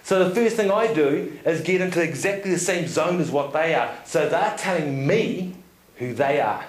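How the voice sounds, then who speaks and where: A man giving a seminar talk to an audience, telling stories in an animated way, laughing often and checking in with "yeah?". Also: fairly high pitch, moderate pace. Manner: animated storyteller, laughs often, tag questions. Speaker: seminar speaker. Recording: echoey room.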